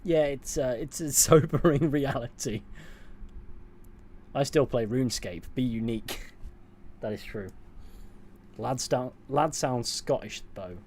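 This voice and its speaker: A man's voice: mid-range voice, unhurried, long pauses, darkish tone, a little hiss or hum. Dry-humored man chatting. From England. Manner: dry, offhand, reads chat comments aloud and answers them. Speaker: streamer reading chat. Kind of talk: casual livestream chat.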